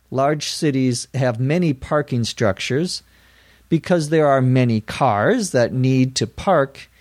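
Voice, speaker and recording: Slow, careful male English teacher. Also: medium pitch, a little mellow, no room sound, clean studio sound. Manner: careful, deliberate explaining of vocabulary. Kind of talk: slow scripted English lesson narration.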